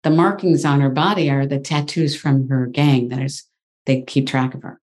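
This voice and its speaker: Low-voiced woman telling a story. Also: normal speed. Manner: animated, exclaims often. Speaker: guest. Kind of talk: casual interview storytelling.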